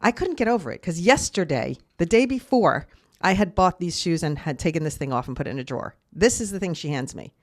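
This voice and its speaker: A woman's voice: fairly low pitch, expressive, brisk. A middle-aged woman hosting a casual solo podcast, telling a rambling story and often restarting and correcting herself. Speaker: podcast host.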